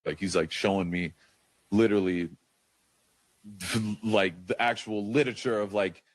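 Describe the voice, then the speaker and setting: Deep voiced guy telling a story on a podcast, says like a lot, cusses, dry close mic. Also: steady tone, a little slow, dry recording. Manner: rambling, lots of "like" and swearing. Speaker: interview guest, pro football player. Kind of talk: casual storytelling in an interview.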